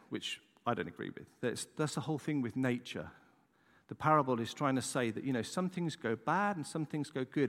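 A man gives a relaxed, conversational sermon, checking in with his listeners as he tells a story. His voice sits a bit high and swings widely in pitch. It rings with the long reverb of a large church hall. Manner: conversational, chatty, lots of "right?" asides. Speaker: preacher.

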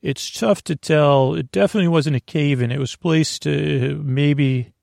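A man narrating as game master in a tabletop game, halting with frequent fillers and restarts. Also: fairly high pitch, vocal fry, a little mellow, no room sound, studio quality.

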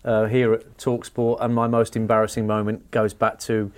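A man's voice: lowish voice, monotone, normal speed, a little mellow. A man who works as a radio presenter, telling a chatty, digressive anecdote. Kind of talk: casual anecdote.

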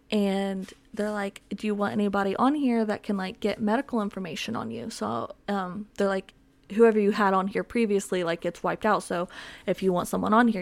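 A young podcast host chats casually on her own from home, with dogs around, in a medium-pitched, gravelly voice. She rambles, leans on filler words, and pokes fun at herself.

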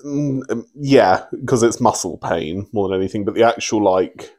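A man's voice: on the low side, lively intonation, normal speed, darkish tone. A man co-hosting a podcast in casual chat, rambling openly about his own mishaps. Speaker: podcast co-host.

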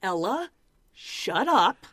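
A young woman co-hosting a casual podcast chat, animated and profane as she recaps a show. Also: mid-range voice, extremely slow. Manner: animated, profane, acts out quotes. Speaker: podcast co-host.

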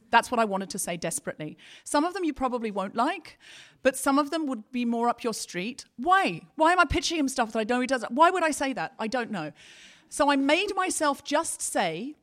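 A woman's voice: fairly high pitch, expressive, fairly quick, a bit bright. Chatty storytelling woman host. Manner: chatty storytelling, self-mocking. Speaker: podcast co-host. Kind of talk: live comedy podcast chat. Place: theatre stage before a live audience.

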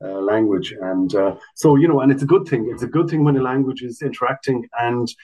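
A man's voice: medium pitch, brisk, mellow, poor audio. A man, a guest in a casual interview, talking in a chatty, explanatory way full of restarts and asides. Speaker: guest, Irish language officer.

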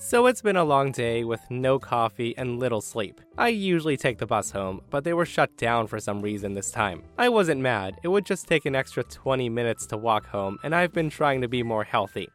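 Brief: male host narrating a customer story, lively and expressive, over faint music. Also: mid-range voice, normal speed, few pauses. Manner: expressive, chatty asides to listeners. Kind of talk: reading a reddit story aloud.

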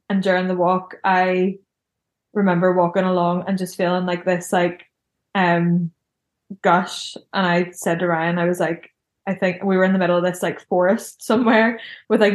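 Chatty young woman, echoey room. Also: lowish voice. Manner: chatty, heavy use of "like" fillers. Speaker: guest telling her birth story. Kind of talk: casual personal storytelling.

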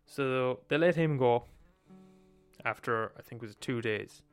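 A man's voice: medium pitch, unhurried, smooth, soft background music. A young man retelling a story in a casual, profane way, acting out quotes as he goes. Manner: profane, swears freely, acts out quotes.

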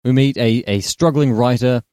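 A man co-hosting a casual film podcast, retelling the plot in a rambling way with deadpan jokes. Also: mid-range voice, normal speed, smooth, dry recording, studio quality. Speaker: podcast co-host.

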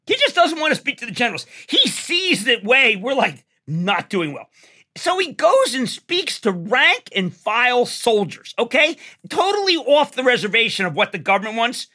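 Excitable man in his sixties, high voice. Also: moderate pace. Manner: excitable, rambling storyteller, rises to near-shouts. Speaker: guest. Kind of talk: animated conversation.

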